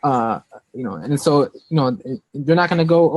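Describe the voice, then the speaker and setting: Male guest on a video call, higher voice, dry sound, plain explainer with frequent fillers. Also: lively intonation, normal speed, dry recording. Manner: explains plainly with many "you know"s. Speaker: phone screen refurbisher guest.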